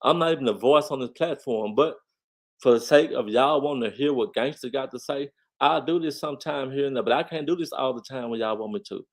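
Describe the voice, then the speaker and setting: Middle-aged man, casual commentary host, emphatic and repetitive, average pitch. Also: a little fast. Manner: emphatic, repeats phrases, addresses viewers directly; lively swings in pitch and loudness when stressing a point. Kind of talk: casual commentary on online drama.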